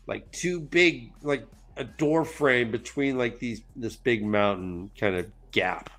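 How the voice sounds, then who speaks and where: A man's voice: mid-range voice, slow, few pauses, fairly bright tone. A man co-hosting a podcast, retelling a book chapter in a rambling casual way with lots of restarts. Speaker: podcast co-host.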